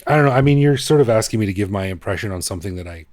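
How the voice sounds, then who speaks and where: Brief: male podcast co-host, low voice, relaxed chatty storyteller, dry close mic. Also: racing, no room sound. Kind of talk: casual podcast chat.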